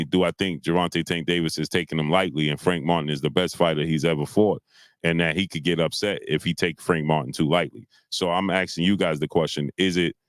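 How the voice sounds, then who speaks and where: A man's voice: sits low, no room sound. Heated man ranting on a live stream. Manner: heated, repetitive, many filler "uh"s. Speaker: boxing commentary host. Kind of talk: live-stream commentary, greeting chat viewers.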